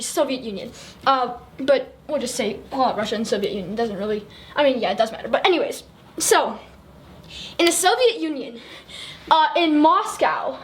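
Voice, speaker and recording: A woman's voice: high voice, a bit bright, slight background noise. A young woman casually explaining a history story over pictures, rambling, correcting herself and giggling as she goes.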